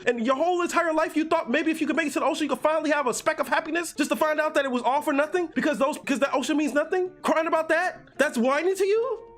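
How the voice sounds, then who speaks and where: High-voiced young man ranting, profane. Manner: profane, exasperated, swings from slow mutters to shouting. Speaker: anime commentator. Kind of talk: ranting video commentary.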